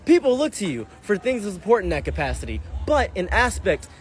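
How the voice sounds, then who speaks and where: A man's voice: sits high, big pitch swings, brisk. Theatrical man doing mock-mystical street readings. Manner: theatrical, grandiose pronouncements. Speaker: street tarot reader.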